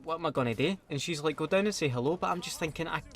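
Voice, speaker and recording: A man's voice: on the high side, very fast, a bit bright. A young man with a Scottish accent telling stories in a casual vlog, sweary and self-mocking. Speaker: YouTuber.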